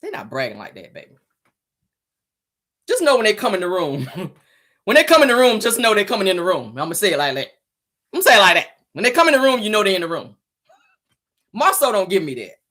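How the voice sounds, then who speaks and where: A woman's voice: mid-range voice, very animated, fairly quick, pauses often, fairly bright tone. A woman hosting a casual celebrity gossip show, sassy and teasing, laughing often as she reacts to viewer comments. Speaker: show host.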